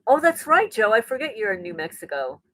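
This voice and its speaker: Animated older woman on a laptop. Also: a little high, brisk, no room sound, low-quality recording. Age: 60s. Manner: animated, repeats words, laughs often. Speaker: livestream host. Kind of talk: casual livestream chat reading comments. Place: rural home indoors. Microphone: laptop mic.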